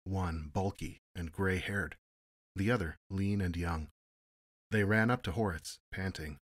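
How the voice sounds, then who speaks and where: Man narrator, audiobook reading, very deep voice, dry booth, steady. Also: measured pace, no echo.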